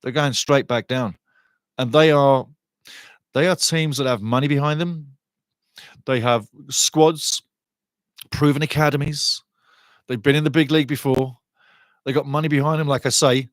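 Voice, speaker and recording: A middle-aged man hosting a live match watchalong, commentating on play and chatting with viewers in a lively, excitable way. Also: moderate pace, long pauses, no echo, clean studio sound. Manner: excitable, chatty, rises in pitch and volume on attacking play. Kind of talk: live fan commentary with chat reading.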